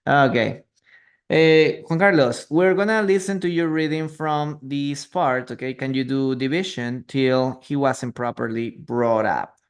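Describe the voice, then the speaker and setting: A man's voice: medium pitch, unhurried. A man hosting a live online English reading class, encouraging and exclamatory, often restarting his questions. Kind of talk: casual live-stream teaching chat.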